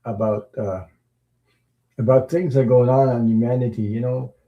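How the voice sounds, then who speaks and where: A man hosting a tarot livestream, chatting casually with viewers in a rambling, halting way, with many fillers and chuckles. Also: medium pitch, fairly even intonation, highs cut off. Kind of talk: casual livestream chat reading viewer comments.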